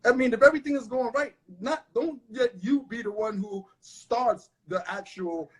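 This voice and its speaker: A middle-aged man, a law enforcement analyst, tells a story from his police work in an animated way, acting out the voices of the people in it. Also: very high-pitched, moderate pace, rough recording. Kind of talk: animated storytelling in a studio interview.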